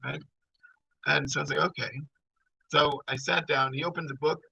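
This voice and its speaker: Middle-aged guy rambling through a story, gravelly and kinda husky. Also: a little high, fairly even intonation, brisk, bright, forceful tone, dry recording, rough recording. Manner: rambling, conversational, full of fillers. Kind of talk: personal storytelling.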